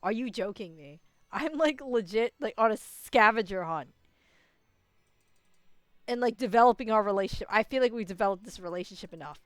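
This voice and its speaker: A woman's voice: mid-range voice, lively intonation, brisk, long pauses, no echo. A young woman ranting casually as she plays through a story game, exasperated and full of fillers. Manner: exasperated, ranting, heavy use of "like". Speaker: gaming streamer. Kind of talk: casual game playthrough commentary.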